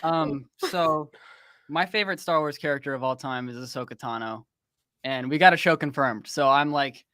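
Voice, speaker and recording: A man's voice: on the high side, moderate pace, bright, forceful tone, clear, resonant tone, dry recording. Teasing man full of "like," dry sound. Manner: filler-heavy and teasing. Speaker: fan film creator. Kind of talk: casual chat.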